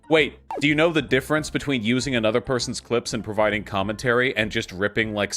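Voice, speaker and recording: A man hosting a livestream and chatting casually while he plays a game, quick, profane and sarcastic. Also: mid-range voice, fairly bright tone. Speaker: livestream host. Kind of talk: casual stream chat while gaming.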